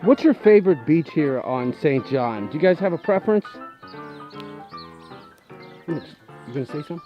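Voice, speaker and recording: A man playing a goofy male roving reporter who questions farm animals in a mock-serious, deadpan way. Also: fairly high pitch, normal speed, dull audio, soft background music, natural voice. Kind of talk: comedic sketch narration.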